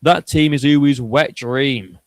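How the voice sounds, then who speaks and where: A man's voice: medium pitch, fairly even intonation, measured pace, no echo. A man hosting a casual livestream, chatting in a joking, crude and rambling way. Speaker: streamer host.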